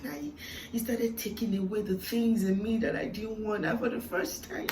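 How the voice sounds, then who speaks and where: A woman sharing a heartfelt personal testimony in an earnest, reflective way, with swells of emotion and hushed moments. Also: medium pitch, steady tone, moderate pace, slight background noise. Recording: roomy, echoey sound from a distant mic.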